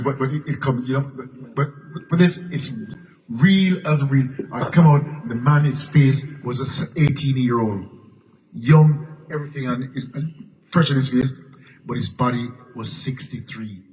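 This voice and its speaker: A man's voice: medium pitch, moderate pace, darkish tone. An older man from Jamaica, telling stories as a guest at a live Q&A in a museum room. He often repeats and restarts words and breaks into bits of song. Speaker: guest musician at a Q&A. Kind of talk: live storytelling at a public Q&A. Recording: distant mic with faint room noise.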